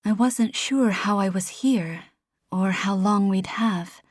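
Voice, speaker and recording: A woman narrating a first-person fantasy novel in a soft, hushed, measured voice. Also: medium pitch, dry recording, clean studio sound. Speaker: audiobook narrator.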